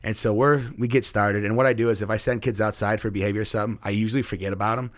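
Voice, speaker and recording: Low-voiced male teacher telling a story. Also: rapid-fire. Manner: animated, acts out quoted voices. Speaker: middle school teacher. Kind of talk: storytelling in casual conversation.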